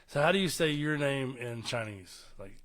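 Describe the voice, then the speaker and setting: A man's voice: mid-range voice, lively intonation, normal speed, a bit bright. A man from East Texas, hosting a podcast in casual, rambling interview chat. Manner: rambling, chuckles often. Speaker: podcast host.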